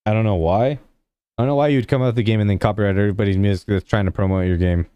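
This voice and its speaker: Young man, livestreamer, rambling casual chat, lots of filler words, smooth voice, dry close sound. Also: on the low side, fairly even intonation, rapid-fire, mellow, no echo, dull audio. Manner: rambling, heavy use of "like" fillers; laid-back, talks to chat.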